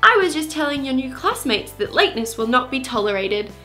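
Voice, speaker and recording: A woman's voice: sits high, big pitch swings, fairly quick, pushed and bright, soft background music, heavily acted. A woman voicing a strict male school unit coordinator in a stern, formal way.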